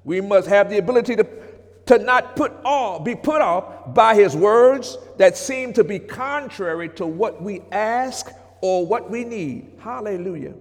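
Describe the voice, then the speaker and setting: High-voiced preacher man in a reverberant hall. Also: lively intonation, a little slow. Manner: preacherly, swings between hushed and shouted, talks back to congregation. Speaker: pastor. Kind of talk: sermon. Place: church sanctuary. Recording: long reverb of a church hall.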